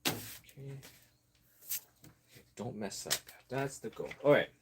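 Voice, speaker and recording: A man's voice: mid-range voice, unhurried, heavy background noise. Chatty, rambling man vlogging. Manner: chatty, digressive, laughs often, easily distracted; talks while sewing an apron. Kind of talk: rambling casual chat.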